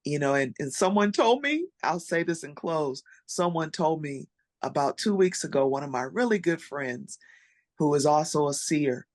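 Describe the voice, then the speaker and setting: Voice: mid-range voice, expressive, no echo. Earnest speaker with a dry, close sound, voice type uncertain. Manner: earnest, reflective, with pauses and restarts. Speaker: conference speaker. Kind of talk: heartfelt panel talk.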